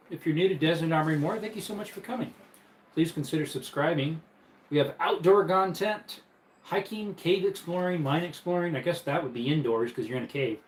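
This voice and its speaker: A man's voice: on the high side, a little fast, echoey room, rough recording. A man casually hosting a live stream from his bedroom, easygoing and chatty as he reads viewer comments and laughs often. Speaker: livestream host.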